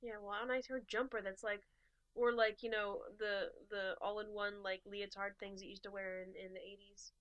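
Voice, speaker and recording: Woman, podcast co-host, casual chat, wry jokey asides, middle pitch. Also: little pitch movement, moderate pace, a bit bright, dull audio.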